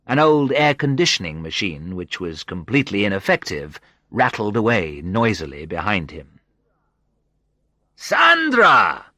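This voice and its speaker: Man reading a story slow and clear, low bright voice, dry close mic. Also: animated, no room sound. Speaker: narrator. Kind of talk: storybook narration for English learners.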